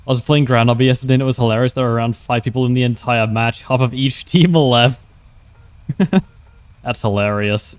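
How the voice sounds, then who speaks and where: A young man giving casual, wry commentary while he streams a game. He laughs often and answers viewers' questions in an easygoing way. His voice sits at a middle pitch. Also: steady tone, a little fast, clean tone, dry recording. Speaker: livestreamer.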